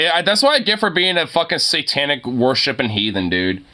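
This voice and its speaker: Animated cursing young man on stream. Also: on the high side, unhurried, few pauses. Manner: profane, animated ranting, laughs often. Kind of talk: casual stream chat.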